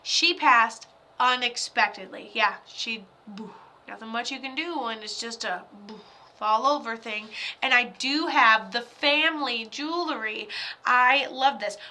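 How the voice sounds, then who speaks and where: Chatty, bright-voiced woman medium. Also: a little high, measured pace. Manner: chatty, lots of fillers, loose and joking. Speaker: psychic medium. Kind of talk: live psychic reading.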